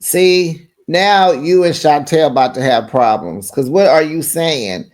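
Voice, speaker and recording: A reality TV recap host giving casual, animated commentary, laughing often and slipping into voices when quoting people. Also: medium pitch, unhurried.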